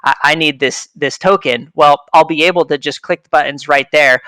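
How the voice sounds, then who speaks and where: A man's voice: fairly high pitch, fairly even intonation, moderate pace, bright, forceful tone, dry recording, low-quality recording. A man from a project team explaining his product in a casual online AMA, eager and often checking in with "right?". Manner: enthusiastic, leans on "right?".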